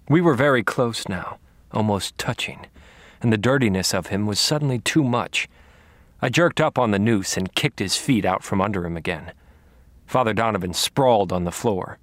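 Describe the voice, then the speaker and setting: A man narrating a first-person thriller audiobook in a calm, measured, quietly menacing way. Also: lowish voice, no room sound.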